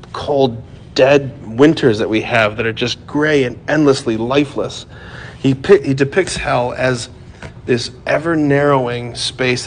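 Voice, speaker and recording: A man preaching a sermon in a conversational way, often saying "like" and "right?", moving from joking asides to hushed, grave emphasis. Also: medium pitch, a little hiss or hum.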